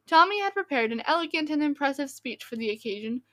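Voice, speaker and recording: A woman narrating a classic novel in a measured, expressive reading. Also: sits high. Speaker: audiobook narrator. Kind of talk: storybook reading. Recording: reading over music.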